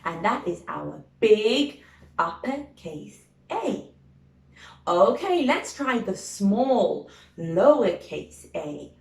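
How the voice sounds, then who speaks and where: A woman's voice: medium pitch, very animated, vocal fry. A woman teaching a phonics lesson to young children, drawing out letter sounds and praising often. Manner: slow, drawn-out sounds, encouraging praise. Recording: roomy echo.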